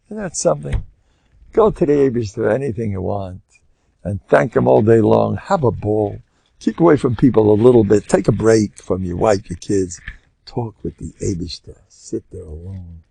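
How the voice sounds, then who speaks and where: An older rabbi, giving a Torah class and swinging between loud emphasis and soft murmurs. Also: male voice, on the low side, lively intonation, normal speed, creaky, slightly rough, no echo. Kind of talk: Torah lecture.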